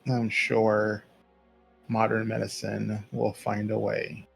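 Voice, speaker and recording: A man voicing a blunt, stubborn young Jedi apprentice in a slow, measured way. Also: fairly low pitch, monotone, gravelly, slightly rough, soft background music, exaggerated voice, low-quality recording.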